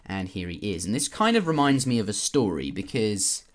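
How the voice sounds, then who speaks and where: A man's voice: fairly low pitch, very animated, normal speed. A British man giving casual, rambling commentary on a strategy game replay, with joking asides and some swearing. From Britain.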